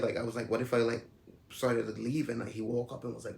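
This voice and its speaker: A young man tells a personal story in a loose, rambling way, full of fillers and restarts. His voice sits a little low. The room is echoey and loud music plays underneath. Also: fairly even intonation, fast talker, creaky. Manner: rambling, heavy use of "like" and "you know what I'm saying". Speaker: storyteller recounting a personal experience. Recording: roomy echo with loud music behind.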